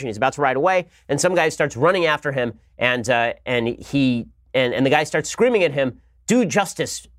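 Male podcast host, rapid-fire, combative and sarcastic, commentary monologue. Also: mid-range voice, no room sound, studio quality.

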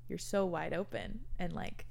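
A woman hosts a casual podcast conversation with a gravelly, fry-laden voice pitched somewhat low. She talks earnestly, swears casually and laughs now and then. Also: lively intonation, normal speed, a little mellow. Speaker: podcast host.

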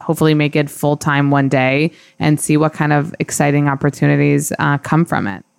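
A woman's voice: deep voice, steady tone, fairly quick, creaky, clean tone, no echo. A woman hosting a podcast, chatting casually and candidly with lots of fillers. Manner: rambling, filler-heavy, candid. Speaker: podcast host.

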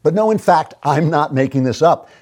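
A man's voice: on the high side, lively intonation, moderate pace, darkish tone. A man hosting his own show, delivering a sarcastic, mock-grandiose commentary monologue. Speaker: host.

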